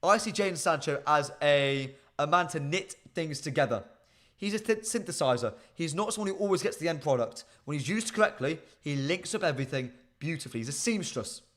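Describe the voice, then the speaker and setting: A man's voice: a little high, expressive, a little fast, fairly bright tone. A man hosting a casual football live stream, chatting straight to his viewers with frequent ums. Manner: chatty, addresses chat directly, frequent ums. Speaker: livestream host.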